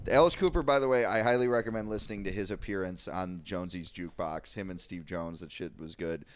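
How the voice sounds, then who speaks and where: An American man with a fairly low voice, swearing freely as he rambles through a casual chat about punk records. The recording is dry and close, with no room sound behind him. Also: fast, no room sound. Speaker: podcast co-host.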